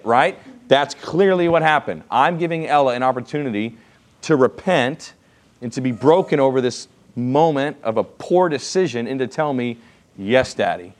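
A man's voice: mid-range voice, lively intonation, moderate pace. Chatty man teaching a Bible class. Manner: conversational, rhetorical questions, frequent "okay?".

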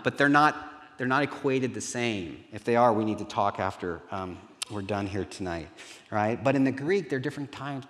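A middle-aged man, a pastor, preaching a sermon in an earnest way that turns lively when he acts out dialogue. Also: mid-range voice. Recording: reverberant hall.

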